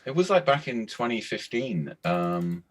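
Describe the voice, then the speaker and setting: A man's voice: medium pitch, very animated, unhurried. A man from Cornwall with a Cornish accent, chatting as an interview guest and telling stories with lots of energy. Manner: chatty storyteller, puts on voices in anecdotes. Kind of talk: casual video-call chat.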